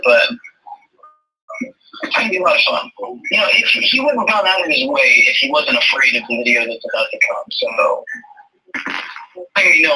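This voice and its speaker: A man's voice: medium pitch, bright, forceful tone, husky, low-quality recording. A man hosting a live stream, talking in a rambling, defensive way with lots of restarts. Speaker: stream host. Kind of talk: casual live stream chat.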